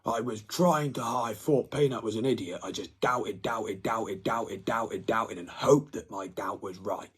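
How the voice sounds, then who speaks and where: A man delivering a threatening, profane rant, dropping to hushed whispers and then bursting out loudly. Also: fairly low pitch, moderate pace, few pauses, slight background noise. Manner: swings from hushed whispers to loud outbursts, heavy swearing.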